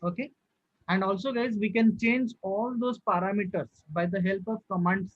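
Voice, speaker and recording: A man's voice: high voice, fairly even intonation, moderate pace, slightly rough, dry recording, muffled recording. A man teaching a live online class who keeps asking his students questions and repeating himself. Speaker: instructor. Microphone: video call.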